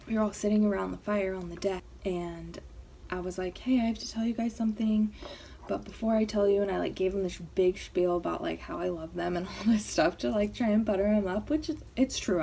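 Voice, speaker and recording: A woman's voice: mid-range voice, fairly quick, vocal fry, a little hiss or hum. A young adult woman telling a storytime vlog, chatty and full of fillers, acting out quotes. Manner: chatty, filler-heavy, animated quoting. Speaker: vlogger. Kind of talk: casual storytime.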